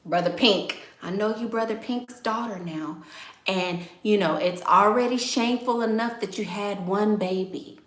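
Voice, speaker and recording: Picture a sanctimonious older church lady, as a woman puts her on, lecturing in a hushed, condescending tone. Her voice has a bright, sharp edge. It rings in a roomy echo. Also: mid-range voice, a little slow, lightly acted. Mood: disapproving. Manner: preachy, condescending scolding.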